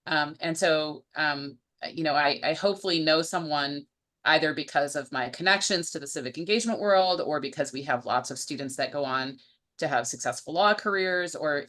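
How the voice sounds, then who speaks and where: Low-pitched lady prof on a panel, earnest, lots of ums. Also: fairly bright tone. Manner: earnest, many fillers. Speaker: panelist, professor. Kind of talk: academic panel discussion.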